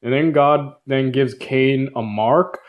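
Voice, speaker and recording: Casual man telling a story with jokes and modern slang, mid-pitched. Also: slow, muffled recording. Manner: slangy, jokey, filler-heavy. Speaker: video narrator. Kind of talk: comic casual Bible summary narration.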